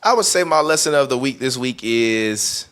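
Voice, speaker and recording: A man talking casually at a middle pitch, wandering through his point with "like" and "you know". He mimics other people's tone as he retells a story, loose and conversational. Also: normal speed, clean tone. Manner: animated storytelling, acting out quoted voices. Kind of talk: casual chat.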